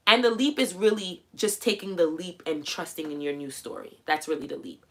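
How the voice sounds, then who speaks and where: Lowish-voiced woman coaching on a livestream. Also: brisk, hardly any pauses. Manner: coaching, animated, acts out quoted voices. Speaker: livestream host. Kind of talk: casual motivational livestream talk.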